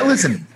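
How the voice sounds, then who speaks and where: A podcast guest tells casual stories in an interview, animated and swearing freely as he acts out other people's voices in his anecdotes. His voice sits high, and there's noise in the background.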